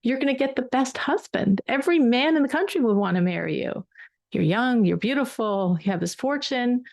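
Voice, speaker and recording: A woman's voice: fairly high pitch, lively intonation, normal speed, vocal fry, a little mellow. A woman voicing a humble middle-aged shepherd, doubtful of himself, in her own speaking voice.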